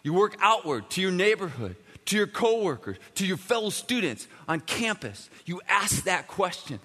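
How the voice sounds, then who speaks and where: A man preaching a sermon as a pastor, emphatic and animated, swinging from loud bursts to quiet, intimate lines. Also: sits high, moderate pace, hardly any pauses. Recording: long reverb of a large hall.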